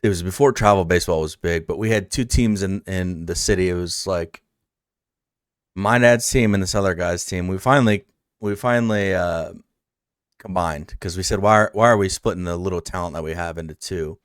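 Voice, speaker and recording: A man's voice: deep voice, fairly quick, clean tone, no room sound, studio quality. A man hosting a casual interview, rambling through a heartfelt story with many fillers. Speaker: podcast host.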